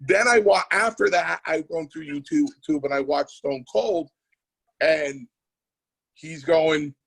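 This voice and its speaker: In a slightly high, creaky voice with a breathy edge, a man speaks at a measured pace, the audio quality poor. A wrestling promoter and former wrestler, he tells wrestling stories in casual podcast chat, animatedly acting out the people he quotes.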